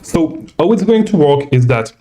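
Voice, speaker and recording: A man's voice: a little high, lively intonation, normal speed, mellow. A man hosting a casual live Q&A as a seller coach, short of breath and rambling, tagging many lines with "okay?". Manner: rambling, repeats okay, reads viewer questions. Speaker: livestream host and seller coach. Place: traveling, indoors.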